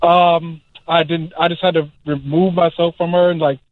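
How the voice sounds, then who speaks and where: A man's voice: a little high, little pitch movement, moderate pace, no room sound. A man calling in to a show and telling a story in a laid-back way. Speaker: caller. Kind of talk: casual phone call. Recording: tinny phone line.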